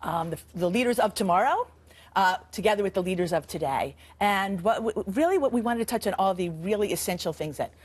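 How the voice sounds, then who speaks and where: A middle-aged woman talks as a guest on morning television. She restarts her sentences often and keeps an animated, lively lilt. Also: medium pitch, fairly quick, breathy edge. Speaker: author and guest. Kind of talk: morning TV interview.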